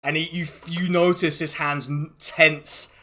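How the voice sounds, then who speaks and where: A man's voice: fairly high pitch, little pitch movement, measured pace, sharp tone. A man narrating a tabletop game as game master, in an amused, rambling way with frequent restarts.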